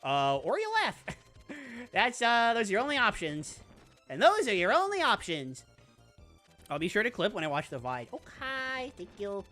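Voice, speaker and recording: A woman streaming a video game, chatting casually with her viewers, laughing often and squealing when things get exciting. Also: medium pitch, normal speed, soft background music. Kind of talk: casual live-stream commentary.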